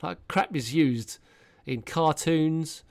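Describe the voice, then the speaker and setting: A man's voice: fairly high pitch, slow, gravelly, a little mellow. Casual British man in his thirties. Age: 30s. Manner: rambling storyteller, swears freely. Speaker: podcast co-host. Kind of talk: casual chat.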